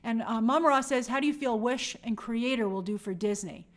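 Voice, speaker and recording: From her New York home, a woman hosts a live stream, reading out viewer comments and offering friendly shout-outs in a chatty, apologetic manner. Her voice runs on the high side, and she talks fairly quickly.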